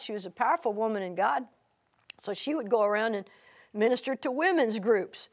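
A woman preaching a sermon, telling a story with lively quoted voices and frequent restarts. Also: fairly high pitch.

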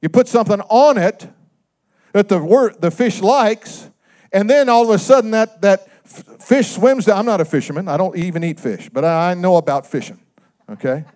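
Preaching in a conversational style, this male pastor keeps asking his congregation questions and shifts from forceful, loud statements to soft, low remarks. He sounds expressive and speaks at a moderate pace.

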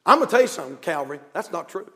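A pastor from North Carolina with a Southern accent, preaching a fervent sermon with repeated phrases, swinging from quiet asides to shouts. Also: male voice, fairly high pitch, very animated, very fast, in a large hall. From North Carolina, USA.

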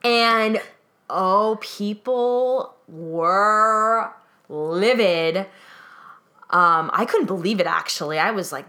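Speaking extremely slowly in a medium-pitched voice, a young woman co-hosting a podcast recounts a story during a casual chat. She brings it to life by performing the lines of the people involved.

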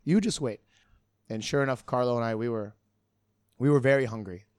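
A man's voice: medium pitch, quick pace, smooth, dry recording. Middle-aged man telling a story, dry sound. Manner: relaxed, rambling, frequent restarts. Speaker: bartender guest. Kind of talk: casual storytelling in an interview.

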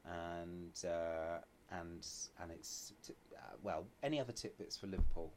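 A man's voice: deep voice, measured pace, a little mellow, a little hiss or hum. A man hosting a podcast interview in a theatre dressing room, playful and rambling, laughing often. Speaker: podcast host. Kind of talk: casual interview chat.

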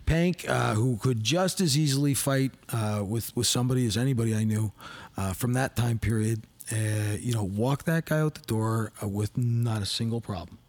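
A man's voice: mid-range voice, normal speed, a little mellow, no echo. A middle-aged man, hosting a podcast and telling a story in a casual, rambling way full of "you know" fillers. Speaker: podcast host and former police officer.

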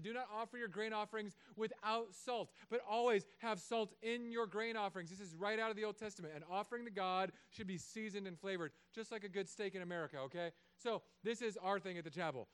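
A man in his thirties, a pastor preaching a sermon in a church, animated and joking, acting out little voices. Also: high-pitched, clean tone. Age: 30s.

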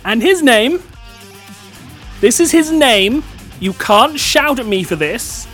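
A man's voice: very high voice, lively intonation, takes it slowly, music in the background. A man hosting a comedy show, telling a story with self-mocking asides. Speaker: host. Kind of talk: comedic storytelling and news segment.

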